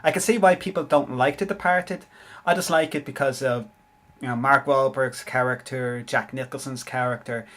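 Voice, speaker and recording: A man's voice: medium pitch, fairly even intonation, moderate pace, a bit bright. A man chatting casually on a podcast, hesitant and earnest, often restarting and repeating words. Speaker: podcast co-host. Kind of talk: casual chat.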